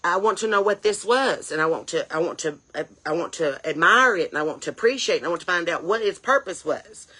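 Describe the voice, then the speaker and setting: A woman's voice: on the low side, expressive, quick pace, few pauses, sharp tone, slightly rough, exaggerated voice. A woman playing a brash, indignant chain-smoking mom, scolding and firing off rhetorical questions. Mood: indignant rant. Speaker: comedy character creator. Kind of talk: character comedy rant.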